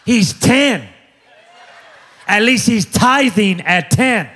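A man in his forties preaching an energetic sermon, joking with the crowd and driving points home with call-and-response repetition. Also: high-pitched, very slow, a little hiss or hum. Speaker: pastor.

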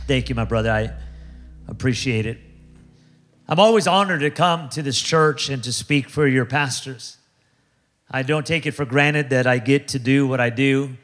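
A man preaching a sermon as guest speaker, calling for responses from the congregation and building to shouts. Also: medium pitch.

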